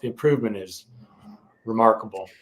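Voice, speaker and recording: A man's voice: on the low side, fairly quick. A man co-hosting a podcast, speaking in a casual, hesitant way with many fillers. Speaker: podcast co-host. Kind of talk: casual chat.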